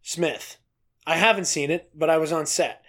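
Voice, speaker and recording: A man co-hosting a podcast, reading a news story aloud in a casual, excitable way, laughing often and swearing casually. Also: fairly high pitch, moderate pace. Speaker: podcast co-host.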